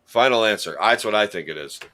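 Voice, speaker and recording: A man's voice: on the low side, lively intonation, brisk, bright, forceful tone. A man hosting a casual podcast, rambling and joking at his own expense while telling stories. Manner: rambling, jokey, self-deprecating storyteller. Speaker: podcast host and quiz contestant. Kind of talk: casual chat.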